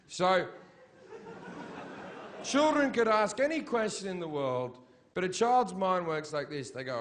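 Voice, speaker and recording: Male stand-up comic, high-pitched and profane, live stage set, faint hiss under him. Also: sing-song, slow, pauses often. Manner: crude, provocative, swears constantly, builds into mocking shouted rants. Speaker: stand-up comedian. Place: live comedy stage in Britain.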